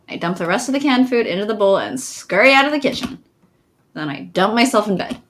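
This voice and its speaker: A woman reads a visual novel's narration aloud on stream, her pitch rising and falling a lot. She keeps the delivery playful and casual. Her voice sits in a middle register. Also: sing-song, brisk, a bit bright. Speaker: let's play streamer.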